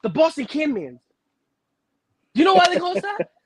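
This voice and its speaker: A man's voice: very high-pitched, big pitch swings, normal speed, very noisy. A man co-hosting a sports talk show, bragging about his team with brash trash talk and heavy slang. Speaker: sports talk co-host, basketball fan. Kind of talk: casual sports banter.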